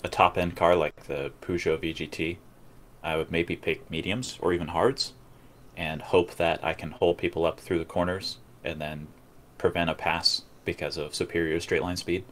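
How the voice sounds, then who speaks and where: A man co-hosting a live racing podcast, talking through strategy in a dry, measured way. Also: deep voice, steady tone, a bit bright, a little hiss or hum. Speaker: podcast co-host. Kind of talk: casual live commentary chat.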